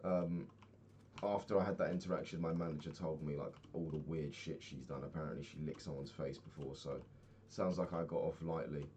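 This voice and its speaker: A man's voice: a bass voice, fairly even intonation, brisk, dark tone, slight background noise. A young man chatting casually in a video diary while playing a game, rambling, swearing freely and laughing often. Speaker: vlogger.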